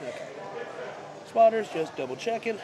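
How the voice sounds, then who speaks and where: A man with a congested voice commenting live on a powerlifting meet, with relaxed, self-correcting play-by-play and dry asides. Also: high-pitched, normal speed, a crowd in the background. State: congested from a cold.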